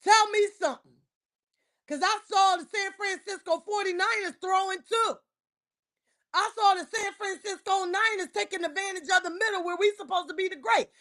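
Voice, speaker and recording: High-voiced woman ranting about football. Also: fairly even intonation, normal speed, bright, forceful tone. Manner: heated, exasperated, trash-talking. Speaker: livestream host. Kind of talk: ranting sports reaction livestream. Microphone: streaming mic.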